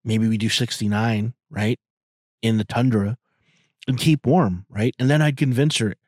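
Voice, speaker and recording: A man's voice: lowish voice, steady tone, measured pace, dry recording, clean studio sound. A man in his forties hosting a podcast, rambling in a casual, profane monologue full of fillers. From outside the US. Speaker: podcast host.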